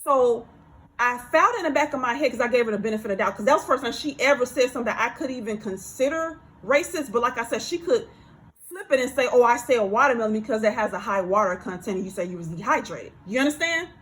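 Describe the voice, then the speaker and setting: A woman tells a story in a relaxed, chatty monologue, her voice sitting high. She is animated, circling back over her points and acting out other people's lines as she goes. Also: quick pace, low-quality recording. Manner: animated, repeats herself, acts out coworker's lines. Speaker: channel host telling a workplace story.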